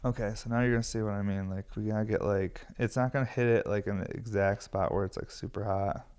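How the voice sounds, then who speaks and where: Tired raspy dude in his 30s, kinda low voice, rambling podcast chat, swears a lot, laid back. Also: fairly even intonation, quick pace, darkish tone. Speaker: glassblower podcast host.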